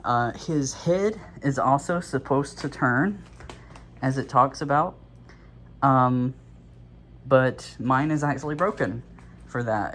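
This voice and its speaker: A man's voice: mid-range voice, fairly bright tone, slight background noise. A man casually talking through an unboxing at home, a bit out of breath, rambling with lots of fillers and little chuckles. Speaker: vlogger.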